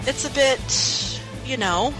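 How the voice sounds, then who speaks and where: A woman's voice: high-pitched, slow, music in the background, voice pushed up, rough recording. A woman reading the part of a young female companion in a podcast read-through, in a plain accent and a patient, teasing tone. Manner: plain non-British read, mildly teasing.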